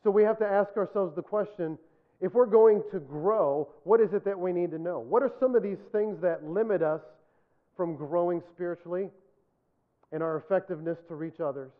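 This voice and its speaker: High-voiced pastor preaching, tinny sound. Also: male voice, moderate pace. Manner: earnest, repetitive emphasis, self-deprecating humor. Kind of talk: sermon.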